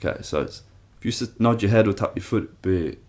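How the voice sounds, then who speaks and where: A man with a lowish voice teaches a guitar lesson, walking through each step and counting the strums aloud. Loud guitar playing rings behind him. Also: animated, fast talker.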